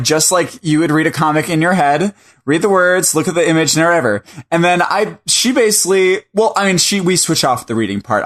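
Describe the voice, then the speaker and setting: A man's voice: a little high, fairly bright tone. A man co-hosting a comics podcast, chatting casually in an earnest, defensive way. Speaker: podcast co-host. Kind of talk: casual chat.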